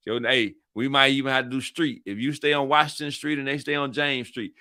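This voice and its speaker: A man's voice: medium pitch, fairly even intonation, fairly quick, few pauses, bright, forceful tone, no room sound, studio quality. A man hosting his own channel, talking in a casual, rambling monologue full of slang, repeating himself and hyping things up playfully. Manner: slangy, repetitive, playful hype. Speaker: channel host.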